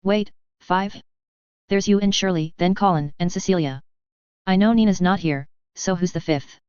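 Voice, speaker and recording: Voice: mid-range voice, normal speed, a little mellow, clear, resonant tone, dry recording, lo-fi sound, natural voice. Cole, a narrator reading a wry young male student. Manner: wry, understated.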